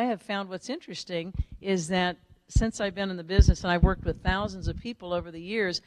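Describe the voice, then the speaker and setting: A woman with a fairly low voice gives a motivational speech to an audience, telling her own story with energy. The audio has no room sound yet carries a big-room feel. She is animated and keeps tagging her lines with "right?"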